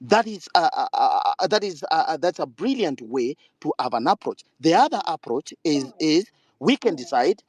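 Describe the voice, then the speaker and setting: Insistent man, raised pitch. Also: very animated, normal speed, a little mellow, husky, no echo. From Kenya. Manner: insistent, speech-like. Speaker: speaker.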